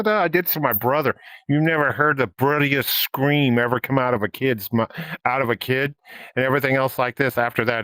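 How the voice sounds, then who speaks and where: A man's voice: mid-range voice, no echo. A man telling a family story in a casual group chat, acting out the voices of the people in it. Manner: animated storyteller, acts out quotes.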